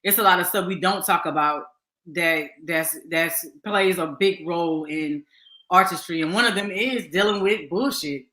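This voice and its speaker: A woman's voice: lowish voice, normal speed, pushed and bright, echoey room, poor audio. A woman interview host with a Houston Southern accent, chatty and encouraging with her guest. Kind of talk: casual interview chat.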